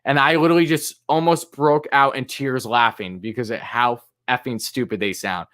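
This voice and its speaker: Guy streaming live play-by-play, medium voice, fed up with the umps, cursing, voice jumps up on big pitches. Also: steady tone, moderate pace, fairly bright tone. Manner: exasperated, swearing, griping about umpires. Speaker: fan commentator and stream host. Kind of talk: live play-by-play fan reaction.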